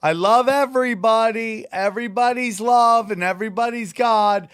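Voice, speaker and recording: A man hosting a podcast in casual chat, animated and joking, with crude asides. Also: very high-pitched, moderate pace, smooth, no echo, clean studio sound. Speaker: podcast host.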